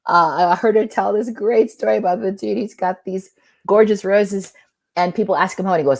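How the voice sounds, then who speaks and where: A woman storyteller and author chatting casually over a video call, animated and laughing often. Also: medium pitch, normal speed, vocal fry.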